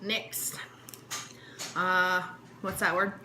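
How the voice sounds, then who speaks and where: A woman's voice: on the low side, little pitch movement, extremely slow, background noise. A woman vlogger tasting snacks on camera, casually reading card text aloud and stumbling over words. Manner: stumbles over words while reading, talks with mouth full. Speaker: vlogger reviewing a snack box.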